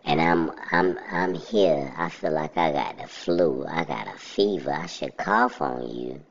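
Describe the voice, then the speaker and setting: A man's voice: a bass voice, a little slow, gravelly. A young man, telling a story in a laid-back, chuckling way during an interview. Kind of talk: casual storytelling. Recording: slightly muffled audio.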